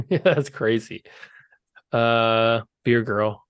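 A man's voice: mid-range voice, very slow, clear, resonant tone, no room sound. Sarcastic man on a dry close mic. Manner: sarcastic, laughing often. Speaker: podcast co-host. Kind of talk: casual chat.

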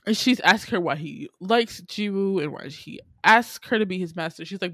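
A young adult voice in casual podcast chat, recapping a drama with an animated, incredulous edge and free swearing. The sound is dry and close, with no room around it, and the pitch sits in an ordinary middle range. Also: dry recording. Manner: animated, incredulous, swears freely, quick asides.

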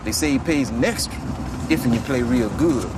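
A man playing a soft-spoken young drifter guitarist. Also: mid-range voice, normal speed, very noisy, close to an everyday voice. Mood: calm, earnest. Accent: Southern US. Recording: film audio with loud outdoor ambience.

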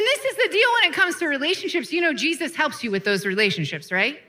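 A woman preacher with a high, bright voice delivers an animated sermon. She mixes plain talk with playful asides and calls for the congregation to answer back. Her delivery is warm-humored and energetic. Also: fast talker, few pauses. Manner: lively preaching with laughs, call-and-response asides. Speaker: pastor.

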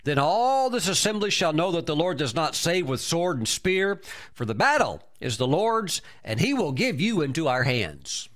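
Guy preaching a sermon, slightly high voice, keeps repeating himself and shouting praise lord, hallelujah. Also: very animated, moderate pace. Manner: emphatic, with frequent exclamations of praise; repeats words and restarts often.

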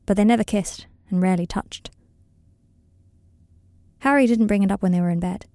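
A woman reading a story aloud in calm, even scripted narration, recorded close to the mic. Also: medium pitch, moderate pace, no room sound. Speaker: audiobook reader.

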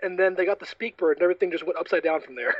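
A man co-hosting a casual podcast chat, rambling and animated, peppering his talk with fillers. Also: sits high, racing. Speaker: podcast co-host. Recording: dull dry lo-fi mic.

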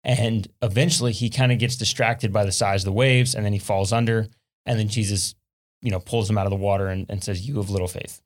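A man on a faith podcast retelling a Bible story in a relaxed, conversational way. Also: fairly low pitch, fairly quick. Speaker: podcast co-host.

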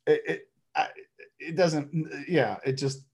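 A man co-hosting a casual film-review chat, emphatic and ranty, swearing freely as he picks the movie apart. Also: on the high side. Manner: animated, emphatic, swearing, quick to rant. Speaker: podcast co-host reviewing a film.

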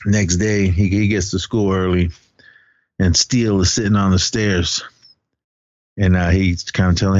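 A man's voice: deep voice, level tone, moderate pace, darkish tone, dry recording, lo-fi sound. Chatty man retelling a movie scene. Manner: rambling retelling with frequent laughs. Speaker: podcast co-host. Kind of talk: casual movie recap chat.

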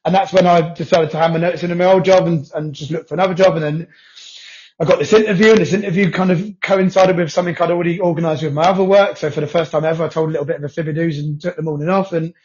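Quick rambly guy on a podcast, swears a lot, kinda high voice, dull audio. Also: fairly even intonation, a little mellow. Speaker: podcast co-host. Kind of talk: casual chat.

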